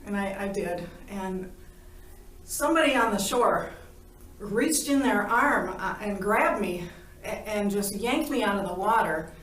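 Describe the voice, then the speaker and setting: A woman's voice: medium pitch, expressive, a little slow, fairly bright tone. A woman telling her near-death story in a playful way, laughing often and acting out the conversations. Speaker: near-death experience witness. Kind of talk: animated personal storytelling. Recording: roomy, from a distance.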